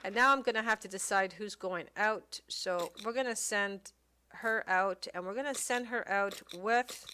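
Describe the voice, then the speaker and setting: A woman's voice: medium pitch, a little slow, smooth. Hesitant woman narrating a video game. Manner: reads game text aloud and thinks out loud, hesitant with many fillers. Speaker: let's play commentator. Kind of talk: casual gameplay commentary.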